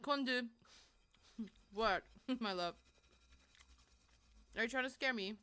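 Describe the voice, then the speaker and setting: A woman's voice: a little high, slow, pushed and bright, clear, resonant tone. A young woman streaming, chatting casually and rambling to her viewers. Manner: chatty and rambling, talks to chat. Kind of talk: casual live-stream chat.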